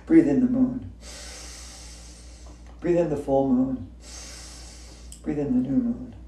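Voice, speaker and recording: Gravelly woman leading laughter yoga. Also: very deep voice, warm tone. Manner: upbeat, chanting repeated breathing cues with bursts of laughter. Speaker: yoga instructor. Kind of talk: guided yoga class with laughter yoga. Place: hotel room. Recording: echoey room, voice from far off.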